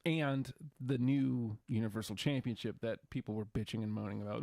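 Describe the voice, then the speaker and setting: A man's voice: mid-range voice, fairly even intonation, fairly quick, gravelly, few pauses, dark tone, no room sound, studio quality. A man co-hosting a casual wrestling podcast, recapping matches and quoting wrestlers in voices. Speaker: podcast co-host.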